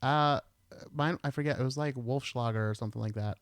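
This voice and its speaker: Speaking fairly quickly, a middle-aged American podcaster keeps things casual, spinning stories and letting a swear word slip occasionally. The studio sound is clean with no echo, and his voice sits at a medium pitch.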